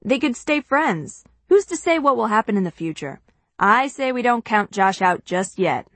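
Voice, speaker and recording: A woman's voice: a little high, sing-song, moderate pace, fairly bright tone, no room sound. A woman voicing a middle-aged father who frets earnestly over his cooking. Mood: reassuring. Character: fussy middle-aged father, home cook.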